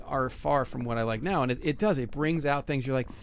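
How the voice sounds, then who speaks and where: A man's voice: medium pitch, brisk, slight background noise. A man hosting a podcast, joking and swearing freely in casual banter. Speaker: podcast host.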